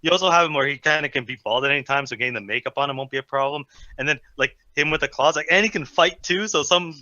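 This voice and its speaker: Bright, fast-talking man on a podcast. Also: on the high side. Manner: crude, joking, rambling. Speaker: podcast co-host. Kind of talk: casual chat. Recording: dull lo-fi recording.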